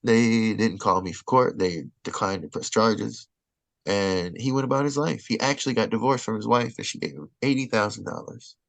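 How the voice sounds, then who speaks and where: A stand-up comedian telling a story in a rambling, indignant way. His voice sits a little low and has a gravelly rasp. The recording is dry and close. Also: moderate pace, dry recording. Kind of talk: casual storytelling in conversation. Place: Los Angeles.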